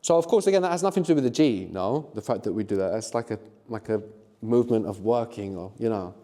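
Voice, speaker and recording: A middle-aged man teaching a live workshop, encouraging the learners and often checking in with a quick "no?". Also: on the low side, lively intonation, dark tone, big-room sound. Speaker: language teacher.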